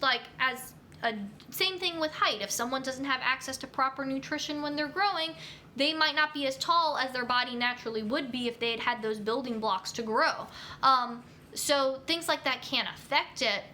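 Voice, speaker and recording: A woman's voice: a little high, pushed and bright, a little hiss or hum. A young woman hosting a casual live stream about nutrition, reading viewer comments and answering in a chatty way, with lots of ums and you-knows. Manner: chatty, many fillers like um and you know.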